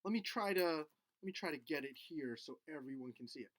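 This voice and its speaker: A man teaching a video lesson to first graders in a gentle, patient, coaxing way. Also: a little high, lively intonation, a little fast, no room sound. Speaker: elementary school teacher.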